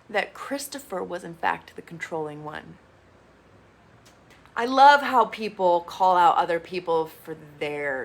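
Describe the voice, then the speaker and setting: Bright blunt woman recapping TV. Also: lowish voice, a little slow. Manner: blunt, expressive, swears freely. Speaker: TV reviewer. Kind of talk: casual reality-show recap.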